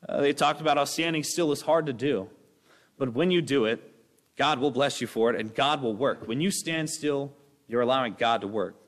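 A man's voice: mid-range voice, normal speed. Bouncy young guy giving a sermon, kinda all over the place, long reverb from the room. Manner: energetic, rambling, acts out voices. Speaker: preacher.

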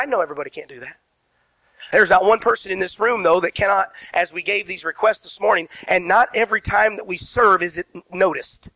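A man's voice: high-pitched, bright, forceful tone, dry recording, rough recording. A man preaching a sermon as pastor in a church, emphatic, asking the congregation questions and spelling words out. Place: church sanctuary.

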